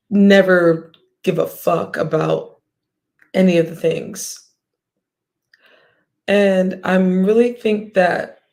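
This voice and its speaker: A woman's voice: on the low side, vocal fry, a little mellow. A woman hosting a livestream, ranting bluntly and profanely at her viewers with scoffs and sighs. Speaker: livestream host.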